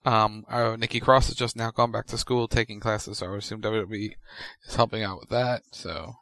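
Male co-host, casual, adds quick asides. Dry room. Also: lowish voice, steady tone, vocal fry, a bit bright, dry recording. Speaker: podcast co-host. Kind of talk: casual recap chat.

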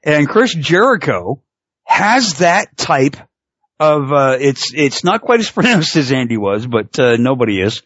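A man's voice: fairly high pitch, a little slow, no echo. A middle-aged man in casual chat who laughs often, swears freely and tells stories with energy. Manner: laughs often, profane, animated storytelling. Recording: dull lo-fi sound.

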